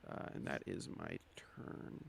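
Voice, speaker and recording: A man playing in a tabletop game, hesitant and full of fillers. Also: slow pace. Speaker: player.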